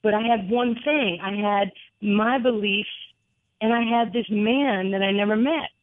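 A woman in her sixties from New York, a former basketball player telling animated stories as a guest, laughing often, heard over a phone line. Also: medium pitch, unhurried, no room sound. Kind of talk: storytelling interview over the phone. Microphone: telephone. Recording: tinny phone line, dry.

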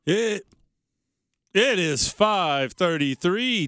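A man's voice: fairly high pitch, expressive, fairly bright tone, no room sound, studio quality. A man co-hosting a sports radio show, bantering and reading promos. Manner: joking banter, quick interjections. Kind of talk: casual radio chat and live reads. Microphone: studio microphone.

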